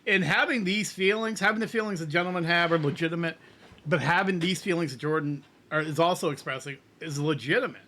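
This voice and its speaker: Middle-aged guy reacting to a song, kinda high bright voice, rambly and earnest, keeps restarting sentences. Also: a little fast. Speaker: music reaction host. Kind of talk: casual reaction commentary.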